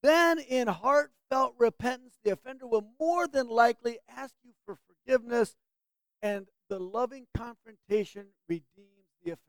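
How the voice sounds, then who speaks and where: A woman's voice: a little high, moderate pace, dry recording. Woman teaching a bible class, keeps asking the group questions, dry close sound. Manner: asks the group questions and invites answers.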